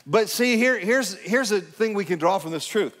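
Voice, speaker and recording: A man's voice: high-pitched, moderate pace. Male pastor preaching in a reverberant hall. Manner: conversational preaching, animated and emphatic. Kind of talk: sermon. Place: church sanctuary.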